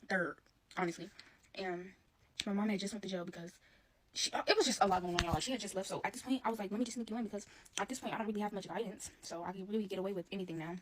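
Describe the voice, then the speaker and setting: A woman's voice: mid-range voice, slight background noise, rough recording. A woman telling a casual storytime, chatty and talking straight to her viewers. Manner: chatty, addresses viewers directly.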